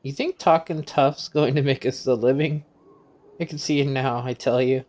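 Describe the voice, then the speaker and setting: A man's voice: mid-range voice, steady tone, normal speed, darkish tone. Playful man reading game lines aloud. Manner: playful, reads every character's lines himself and laughs often. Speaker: gaming channel host. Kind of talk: reading game dialogue aloud while playing.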